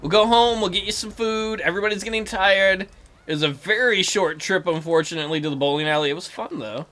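A young man giving casual, joking gameplay commentary. He gets excited fast and plays out the game characters' lines as he talks. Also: high voice. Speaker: let's play gamer.

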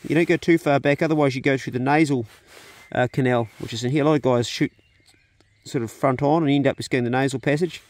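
Relaxed New Zealand man on a farm. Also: medium pitch, quick pace. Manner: relaxed, plain-spoken, chatty. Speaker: vlogger, farm owner. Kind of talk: casual narration on a farm walk. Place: rural farm outdoors.

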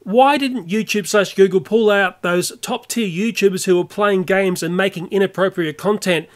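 An older Australian YouTuber delivering an earnest, opinionated rant to camera. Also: male voice, sits high, moderate pace. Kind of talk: ranting monologue to camera.

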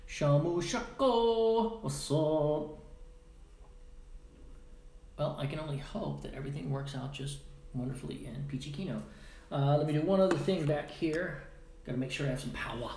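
A man streams casually while editing audio, chatting, muttering to himself, and playfully shifting between loud bursts and quiet asides. His voice is a little high and creaky, moving at a moderate pace with long pauses. The sound carries a roomy echo and faint noise.

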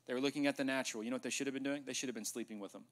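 A male pastor preaching a sermon in a church, animated, joking with the congregation and acting out dialogue. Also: mid-range voice, very fast. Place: church sanctuary.

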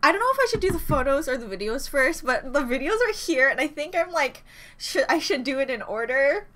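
A woman's voice: sits high, big pitch swings, brisk, sharp tone. A woman reacting to music content as a fan vlogger, rambling giddily between squeals and laughs. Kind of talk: excited fan reaction chat.

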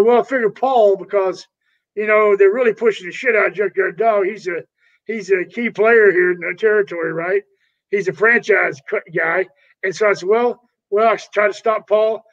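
Older male ex-wrestler, high-pitched, loose and profane storyteller; dull lo-fi recording. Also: fairly bright tone. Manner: rambling, profane, calls people brother. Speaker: retired pro wrestler, interview guest. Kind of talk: casual storytelling interview. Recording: dull lo-fi audio.

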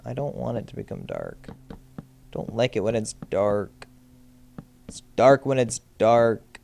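A man's voice: medium pitch, wildly swooping pitch, a little slow, creaky, pauses often, a little mellow. A young man commentating his own gameplay, jittery and self-mocking, yelping and pleading at monsters. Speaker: Minecraft let's player. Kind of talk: game commentary.

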